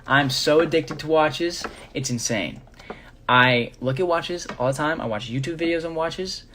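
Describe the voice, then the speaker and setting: A young man with a slightly high voice chats casually on a live stream while showing off his jewelry. He rambles in a relaxed way, using lots of fillers, at a moderate pace with a little background noise.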